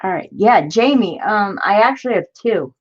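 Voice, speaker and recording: A woman's voice: mid-range voice, lively intonation, normal speed, slightly rough, lo-fi sound. A woman in her forties hosting a crafting livestream, chatting in a rambling way and greeting viewers by name as she reads their comments. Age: 40s. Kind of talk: casual live-stream chat.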